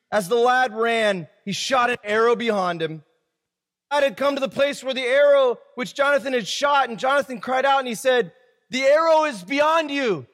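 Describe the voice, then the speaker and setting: Male preacher, very high voice, reads scripture and riffs on it casually, recorded in a reverberant hall. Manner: reads scripture aloud, then riffs in slangy asides. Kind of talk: casual Bible-study sermon.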